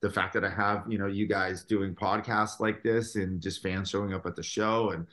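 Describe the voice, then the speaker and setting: Animated man telling band stories. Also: deep voice, normal speed. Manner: animated storytelling, full of fillers. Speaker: guest musician. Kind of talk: casual podcast interview.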